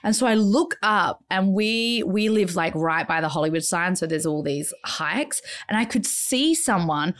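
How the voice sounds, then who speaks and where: Animated woman, podcast host, casual storyteller. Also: on the low side, a little slow, few pauses. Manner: animated, acts out quoted voices.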